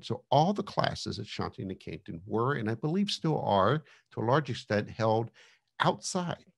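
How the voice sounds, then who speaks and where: A man's voice: medium pitch, creaky. A man giving a casual online lecture over a video call, chatty, with many fillers and restarts.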